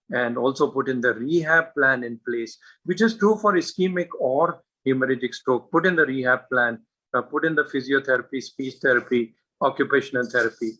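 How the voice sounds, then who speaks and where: A man giving an earnest medical talk to colleagues, stressing points with many pauses and fillers. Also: mid-range voice, sharp tone, rough recording. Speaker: stroke specialist speaker.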